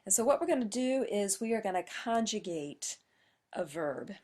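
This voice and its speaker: Breathy-voiced woman teaching grammar. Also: medium pitch, animated, normal speed, a little mellow. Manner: patient, methodical, with emphatic stresses. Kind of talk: grammar lesson.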